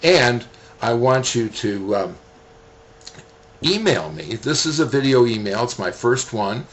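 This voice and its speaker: Lively middle-aged man telling stories. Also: mid-range voice, slow pace. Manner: folksy storyteller, chuckles at himself. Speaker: author. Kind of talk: video message to viewers.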